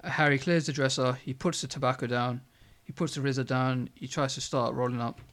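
A young man reads his own comedy screenplay aloud, hesitant and low, filling gaps with uhs. His voice has a bright, crisp edge. Later he chats casually about the script with a friend. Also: fairly even intonation, a little fast. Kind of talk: reading a script aloud, then casual chat.

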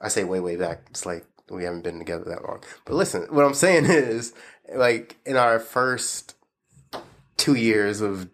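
A man's voice: lowish voice, expressive, normal speed, a bit bright. A man talking casually with his partner, full of fillers and frequent laughter. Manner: laughs often, lots of "like" fillers. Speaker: husband co-host. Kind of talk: casual couple chat.

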